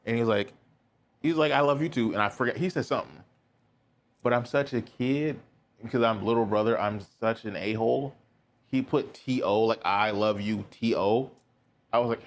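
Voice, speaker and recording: A man's voice: lowish voice, normal speed. A young man hosting a podcast, telling a personal story in a candid, rambling way with lots of filler words. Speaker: podcast host.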